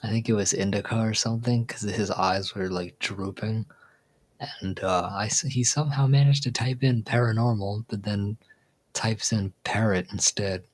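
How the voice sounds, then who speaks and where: A man's voice: lowish voice, steady tone, normal speed. A man hosting a casual livestream chat in a laid-back, rambling way. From Virginia, USA. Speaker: livestream host.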